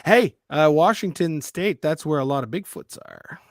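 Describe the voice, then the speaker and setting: A man from Quebec co-hosting a casual live stream, excitedly reading out where viewers are from. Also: a little high, moderate pace, no room sound, clean studio sound. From Quebec, Canada. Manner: excitable, reads out viewer locations. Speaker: co-host.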